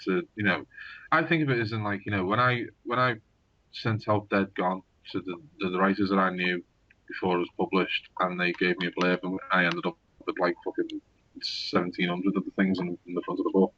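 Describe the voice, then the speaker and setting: A man's voice: low voice, fairly even intonation, brisk, a bit bright, muffled recording. A man with a Scouse accent, a novelist rambling in a casual podcast chat with many fillers and restarts.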